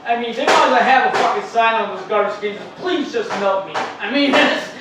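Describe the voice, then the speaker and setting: A man's voice: very high-pitched, fast, background noise. A man doing a crude, rambling stand-up comedy set at an open mic. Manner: crude, rambling, loud joke delivery. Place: club or open mic in Los Angeles. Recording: echoey room, mic far off, faint ambience.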